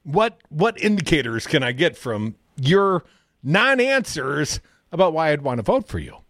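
A man co-hosting a talk radio show, opinionated and sarcastic, with animated swings in his delivery. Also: on the high side, moderate pace, no room sound, clean studio sound. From Madison, Wisconsin. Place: radio studio.

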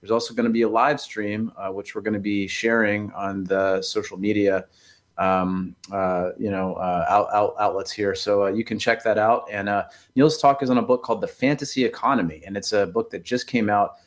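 Low-voiced professor on talk radio. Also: male voice, moderate pace. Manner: relaxed, many fillers, dry humor. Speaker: professor and union president. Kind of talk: casual radio guest talk.

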